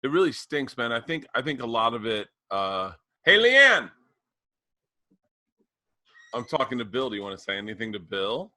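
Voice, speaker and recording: A man's voice: medium pitch, quick pace, hardly any pauses, fairly bright tone, dry recording. A man co-hosting a podcast, telling stories in casual chat, emphatic and profane. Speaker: podcast co-host.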